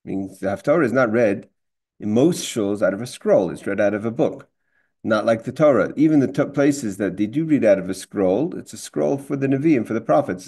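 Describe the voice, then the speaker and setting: A man's voice: mid-range voice, a little mellow. A man teaching a Torah class who reads Hebrew lines from a text and explains each in plain English, with frequent restarts.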